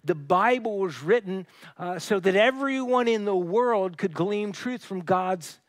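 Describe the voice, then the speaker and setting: Male pastor, sermon, high voice, conversational, restarts often, dry close sound. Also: lively intonation, measured pace, no echo. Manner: conversational storytelling with frequent restarts. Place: church.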